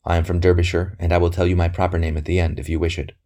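In this audiobook reading, a man performs a young male priest, earnest and careful, who serves as a guarded courier. The delivery is low, flat and very fast, with a dark tone that stays close to his everyday voice.

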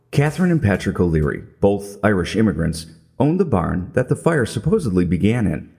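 A man's voice: on the low side, a little mellow, slight background noise. A middle-aged man telling a scripted comedic story in a wry, self-mocking way. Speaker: podcast narrator.

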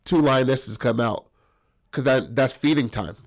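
A man telling a story in casual chat, profane and animated, acting out the voices. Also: medium pitch, measured pace.

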